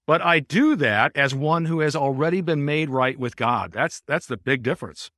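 A man teaching a Bible class in a room with a small group, explaining in a conversational way and often pausing to put questions to the class. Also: a little high, pushed and bright, dry recording, studio quality. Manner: explanatory, asks the class questions, many uh fillers.

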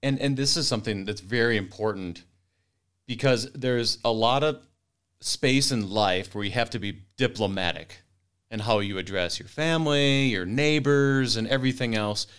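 A man's voice: mid-range voice, moderate pace, fairly bright tone, clear, resonant tone. A man in a casual Bible study discussion, speaking conversationally and applying the passage to everyday life.

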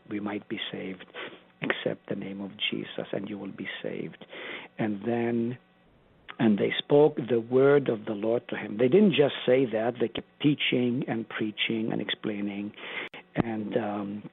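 A man's voice: fairly low pitch, gravelly. A pastor, a man, teaching a Bible study in an earnest, emphatic preaching manner. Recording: tinny phone line.

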